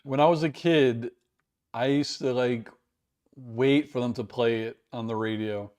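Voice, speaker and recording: A man's voice: mid-range voice, fairly even intonation, unhurried, a little mellow. An American man hosting a casual live stream, chatting and rambling in a self-deprecating way while reading viewer comments, recorded indoors at home. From United States.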